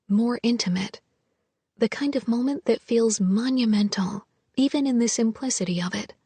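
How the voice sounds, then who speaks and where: A woman narrating a first-person romance audiobook in a soft, hushed, intimate way. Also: on the high side, moderate pace, breathy edge, no echo.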